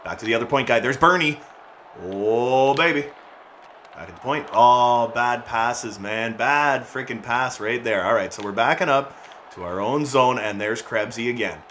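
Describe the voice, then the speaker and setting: A man giving casual commentary as he plays a hockey video game, excitable and mocking his teammates, with frequent shouts and laughs. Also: mid-range voice, moderate pace, a little hiss or hum. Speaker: gaming YouTuber.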